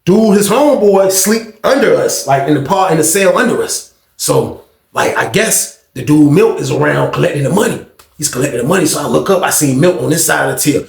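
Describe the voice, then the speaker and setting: Brief: man, high gravelly voice, lively storyteller, echoey room. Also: a little fast. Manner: animated, acts out quotes, repeats himself. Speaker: storyteller recounting prison life. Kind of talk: casual storytelling.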